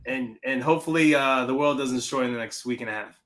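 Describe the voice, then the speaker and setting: A man's voice: mid-range voice, quick pace, fairly bright tone. A man co-hosting a film podcast, chatting casually in a laid-back, rambling way and laughing often. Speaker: podcast co-host. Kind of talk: casual chat.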